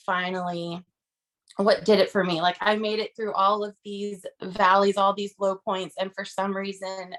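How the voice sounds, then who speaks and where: A woman on a video call sharing a personal testimony, earnest and emotional, with many "um"s and "like"s. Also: medium pitch. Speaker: team member sharing a testimony.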